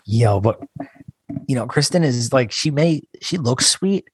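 A man's voice: mid-range voice, expressive, husky, dry recording. A man co-hosting a podcast in casual chat, teasing and scolding his co-host. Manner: teasing, scolding, quick to push back.

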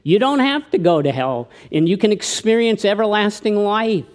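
A man preaching a sermon, who tells anecdotes and often drops to a hushed tone for his appeals. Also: sits high, normal speed. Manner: tells anecdotes, with slips and restarts. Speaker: pastor.

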